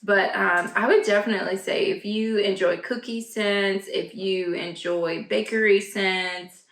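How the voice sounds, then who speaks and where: A woman's voice: medium pitch, fairly even intonation, a little slow, a bit bright, reverberant, poor audio. A woman, chatting casually for her vlog, gushing and full of fillers and asides. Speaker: vlogger. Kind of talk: casual chat. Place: home, indoors.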